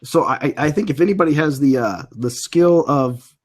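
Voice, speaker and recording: A man's voice: fairly high pitch, expressive, normal speed, a little hiss or hum. A man with a cold hosting a casual comic book chat, reading out live comments and laughing often. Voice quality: husky. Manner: laughs often while talking. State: has a cold. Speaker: podcast host.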